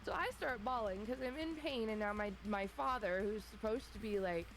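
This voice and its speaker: A woman in her thirties telling a funny childhood story in a relaxed chat, acting out her family's voices. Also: medium pitch, moderate pace, faint music behind, poor audio. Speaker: streamer guest. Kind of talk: casual storytelling.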